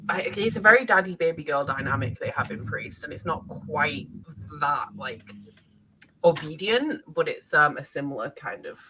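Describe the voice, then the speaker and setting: A woman's voice: low voice, animated, moderate pace, background noise. A woman co-hosting a casual book club chat, blunt and sweary, laughing often.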